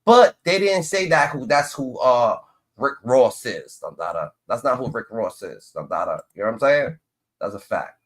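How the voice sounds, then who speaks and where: A man's voice: medium pitch, expressive, normal speed. A man hosting a livestream, ranting in rambling casual commentary and filling his talk with "dun dun dun". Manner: rambling, swears often, uses "dun dun dun" filler. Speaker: livestream host.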